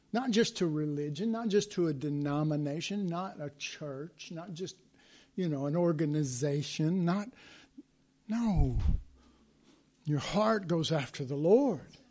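A man's voice: on the high side, warm tone. A man preaching a sermon in a conversational way, acting out biblical quotes as he goes.

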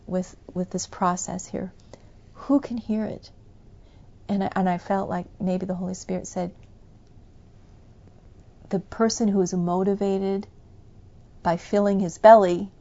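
A woman preaching a sermon in a fervent, emphatic way, breaking into loud bursts. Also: mid-range voice, vocal fry, dull audio.

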